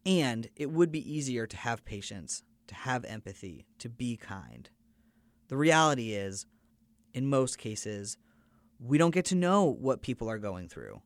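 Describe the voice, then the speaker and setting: A man at a mid-range pitch hosts his own podcast and talks straight to his listeners. He tells a story in an earnest, conversational way. His voice sounds dry and close, with almost no room around it. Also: very animated, measured pace, no echo. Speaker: podcast host.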